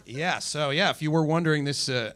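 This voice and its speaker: A man's voice: a little high, normal speed, vocal fry, a bit bright. A young man doing a stand-up comedy set on a club stage, rambling and self-deprecating with lots of fillers.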